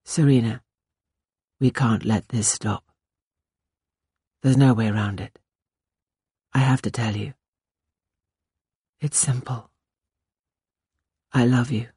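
An anxious, tender young man, as a woman narrator puts him on, speaking low and earnestly in a hush. The voice stays husky and soft. It is heard close and dry, as in a storybook reading. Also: expressive, unhurried, no room sound, exaggerated voice. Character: anxious young male writer, tender lover.

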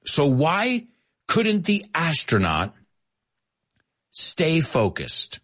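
Man, husky voice, slow unhurried pace, joking teacher on a live stream. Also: fairly high pitch. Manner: animated and playful, laughing at his own jokes. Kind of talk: casual live-stream language lesson.

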